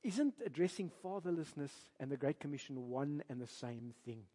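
A pastor with a South African accent preaches emphatically and animatedly, firing rhetorical questions at his congregation. His voice is a little high at a moderate pace, with the long reverb of a large hall.

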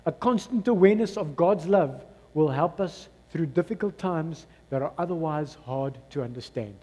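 Emphatic preacher. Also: male voice, on the high side, normal speed, mellow, long reverb tail. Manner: emphatic, repeats phrases, mixes in Afrikaans. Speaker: pastor. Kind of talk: sermon. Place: church.

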